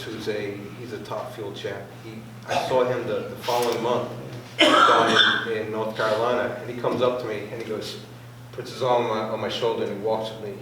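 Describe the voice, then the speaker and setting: A man telling a casual racing anecdote to a club meeting, acting out quotes and sound effects as he goes. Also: fairly low pitch. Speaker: club member sharing a racing story. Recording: very echoey room, voice far from mic, faint noise.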